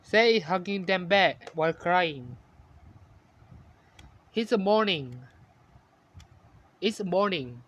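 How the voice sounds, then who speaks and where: A man narrating a fan-made story in halting, ungrammatical English, often correcting himself. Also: sits high, fairly bright tone.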